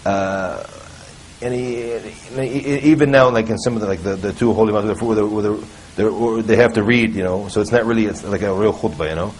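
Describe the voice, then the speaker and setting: A man's voice: lowish voice, a little fast, darkish tone, low-quality recording. A man speaking on a panel, thoughtful and hesitant, restarting his sentences often. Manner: hesitant, many fillers and restarts. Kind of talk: casual panel talk.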